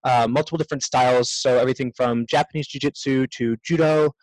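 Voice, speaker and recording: A young man in his twenties speaks as a podcast guest, relaxed and loose with frequent "um"s. The recording is dry and close, with no room echo. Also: mid-range voice, quick pace. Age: 20s. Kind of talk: casual interview answers.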